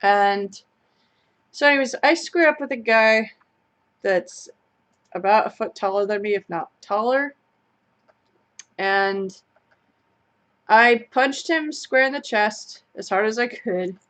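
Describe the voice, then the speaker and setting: Co-hosting a live chat stream, this young adult woman speaks with a fairly high pitch at a slow pace, pausing often. Her storytelling is casual and animated, and she laughs as she goes.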